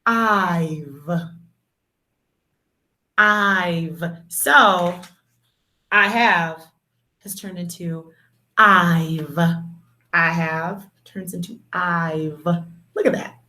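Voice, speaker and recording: A woman teaching a video lesson to young children, speaking in a slow, encouraging, sing-song way and calling them her dears and superstars. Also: on the low side, fairly bright tone. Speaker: kindergarten teacher.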